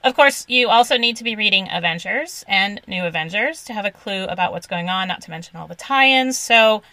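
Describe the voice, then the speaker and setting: Bright-voiced woman co-host, chatty and laughing, close dry mic. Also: mid-range voice, animated, a little fast, no room sound, rough recording. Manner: chatty, many "like" fillers, laughs easily. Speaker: podcast co-host. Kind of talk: casual comics podcast chat.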